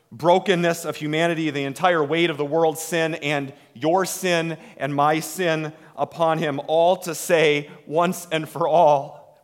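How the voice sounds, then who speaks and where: Brief: male pastor, sermon delivery, unhurried and slightly high-pitched, long reverb tail. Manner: slow, dramatic delivery with hushed drops and swells.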